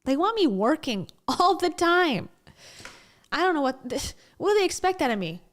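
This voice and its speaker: A woman's voice: high voice, big pitch swings, moderate pace. Chatty joking woman vlogger. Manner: chatty and joking, with frequent laughs and restarts. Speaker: vlogger host. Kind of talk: casual commentary.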